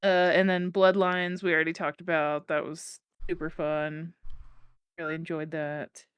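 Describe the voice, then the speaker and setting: Smooth, dry-sounding young woman chatting. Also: deep voice, flat delivery, measured pace, dry recording. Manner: laughs often, easygoing. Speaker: podcast co-host. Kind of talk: casual chat.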